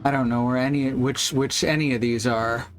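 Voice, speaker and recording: A man's voice: mid-range voice, fairly even intonation, moderate pace, slight background noise. Wry joking male streamer. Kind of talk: let's-play commentary.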